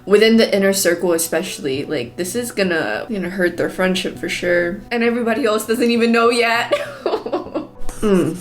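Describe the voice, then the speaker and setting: A young adult woman giving animated live reactions in a book-reading vlog, exclaiming, laughing and sighing often. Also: mid-range voice, moderate pace, faint music behind. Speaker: book vlogger.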